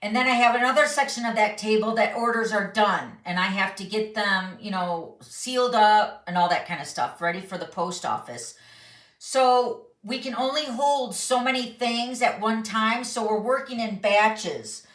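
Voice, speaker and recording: A woman's voice: mid-range voice, normal speed, a bit bright, reverberant. A woman hosting a live papercraft chat, talking bubbly and casual while reading viewer comments in her home craft studio. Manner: chatty, bubbly, reads comments aloud. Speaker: papercraft host.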